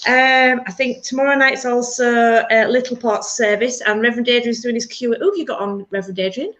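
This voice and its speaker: A middle-aged woman from England hosting a live church stream, chatty and quick to laugh. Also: a little high, fairly bright tone, dull audio. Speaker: church service host. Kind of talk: casual live-stream chat.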